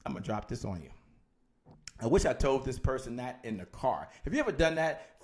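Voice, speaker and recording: A man hosting a live-streamed motivational sales coaching session, energetic and repetitive, calling out viewers by name. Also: on the high side. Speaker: host.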